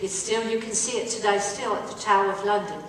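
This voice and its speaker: A woman's voice: mid-range voice, quick pace, fairly bright tone, a little hiss or hum. A woman storyteller performing a dramatic tale for a live audience, drawing out lines and quizzing her listeners. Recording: echoey hall recorded from far off.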